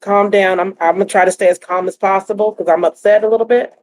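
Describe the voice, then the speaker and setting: A woman hosting a talk show, repeatedly reassuring and calming her guest. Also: mid-range voice, fast. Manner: soothing, reassuring, repetitive. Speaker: host.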